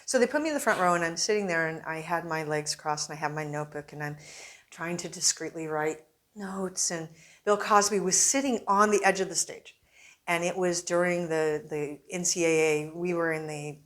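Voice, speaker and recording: A woman newspaper reporter, a guest on an interview show, telling animated anecdotes and acting out quotes in casual conversation. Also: lowish voice, normal speed. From Arizona.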